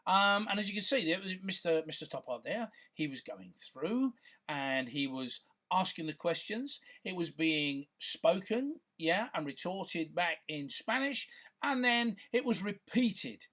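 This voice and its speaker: A man's voice: high-pitched, big pitch swings, unhurried, pushed and bright. A man, a filmmaker talking casually to camera in a rambling, chatty way, full of fillers and restarts. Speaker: filmmaker and content creator.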